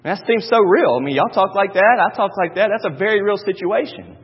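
A man preaches to his congregation from the pulpit, driving points home by repeating them. His voice sits high and a little husky. The recording is dull and rings with the long reverb of a big church hall. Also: a little fast. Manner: repetitive, emphatic preaching with homely asides. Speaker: pastor. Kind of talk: sermon. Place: church sanctuary.

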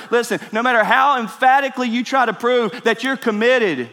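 High-voiced man preaching a sermon. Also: a little fast. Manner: emphatic preaching, swings between loud and hushed. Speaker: pastor. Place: church sanctuary. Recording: reverberant church hall.

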